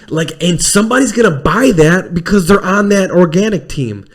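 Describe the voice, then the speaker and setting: A man hosting a podcast in casual chat, rambling with quick restarts and plenty of swearing. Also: high-pitched. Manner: mimics film lines in lively put-on voices. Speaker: podcast host.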